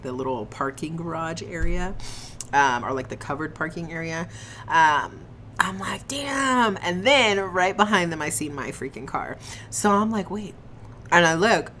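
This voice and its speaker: A young woman telling a casual storytime on her vlog, animated and slangy, swearing and laughing often, eating on camera. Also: low-pitched, slight background noise. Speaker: vlogger.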